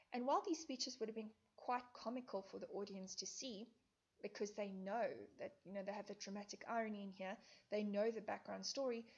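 A woman's voice: mid-range voice, slightly rough. A woman teacher explaining a classic play in a lesson video, turning old lines into plain modern speech. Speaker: English teacher.

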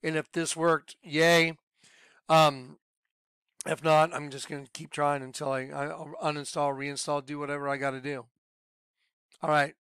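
A man giving an informal, rambling video sermon to his followers, excitable and laughing at his own points. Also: on the high side, clear, resonant tone, dry recording. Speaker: online preacher.

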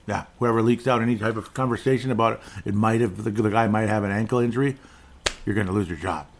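A man imitating a stern male hockey executive who talks haltingly. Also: lowish voice, slight background noise, close to an everyday voice.

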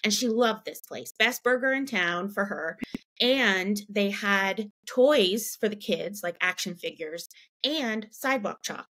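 Chatty woman telling a parenting story. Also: unhurried. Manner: animated, acts out quoted dialogue in a raised pitch; chatty, many "you know" and "right?" fillers. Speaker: guest, parent. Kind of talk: conversational interview storytelling.

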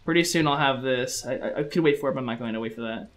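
A man giving live commentary over his own gameplay, excitable, swearing and shouting at the game. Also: medium pitch, very fast. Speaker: gaming commentator.

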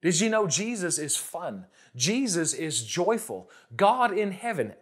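A man in his thirties preaching a sermon to viewers at home, urging them to repeat after him, with loud bursts of emphasis between calmer stretches. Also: high-pitched, a little slow, slightly rough. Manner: exhorting, urges listeners to repeat and shout along. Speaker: pastor.

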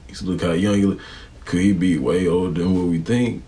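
A man hosting a reaction video, talking casually to his viewers in drawn-out, preachy asides. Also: low-pitched, steady tone, mellow.

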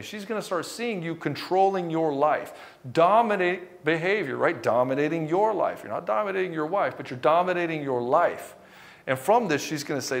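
A man's voice: fairly high pitch, animated, normal speed. A man giving a motivational coaching talk to husbands, blunt and emphatic with plenty of swearing, sometimes acting out quoted lines of dialogue. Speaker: relationship coach.

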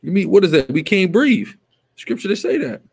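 A man's voice: high voice, sing-song, normal speed, vocal fry, a little mellow, breathy edge. A man hosting live commentary, talking emphatically and repeating himself, often asking "right?". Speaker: show host.

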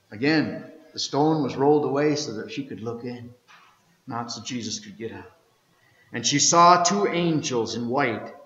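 Pastor preaching in an echoing church. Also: male voice, medium pitch, dull audio. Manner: storytelling, reading scripture aloud with sudden swings from loud to hushed. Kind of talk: Easter sermon. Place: church sanctuary.

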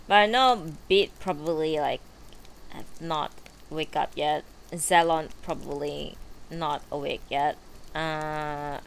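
A woman with a fairly low, fairly bright voice streams live from her bedroom, chatting casually ahead of a book reading. She rambles and swears freely, using lots of fillers.

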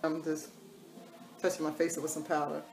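A woman's voice: sits low, monotone, moderate pace, gravelly, darkish tone, roomy sound, faint music behind. A woman chatting casually through a live makeup tutorial, repeating catchphrases in a sing-song way. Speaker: makeup vlogger.

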